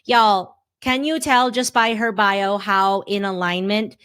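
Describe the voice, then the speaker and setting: A woman's voice: mid-range voice, fairly even intonation, slow, few pauses, a bit bright, clear, resonant tone. A woman in her thirties hosting a podcast, talking in an effusive, affirming way to her listeners. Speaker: podcast host. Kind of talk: podcast intro and interview.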